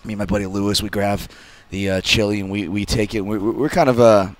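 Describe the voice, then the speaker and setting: A man co-hosting a radio show, telling a rambling, animated story in a radio studio, full of restarts. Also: on the low side, fast talker, dry recording. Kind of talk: casual studio chat, storytelling.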